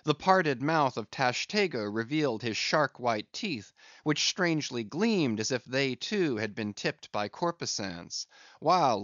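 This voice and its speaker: Expressive male audiobook reader. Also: medium pitch, dry recording. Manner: expressive, measured storytelling. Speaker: audiobook narrator. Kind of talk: classic novel reading. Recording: dry, slightly dull recording.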